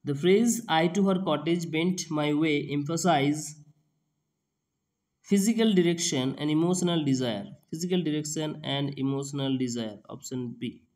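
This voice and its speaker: A man, working as a tutor who reads out quiz questions and answers, repeating each one slowly and restarting often. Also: fairly high pitch, darkish tone. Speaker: exam prep tutor. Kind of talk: reading out and explaining quiz questions.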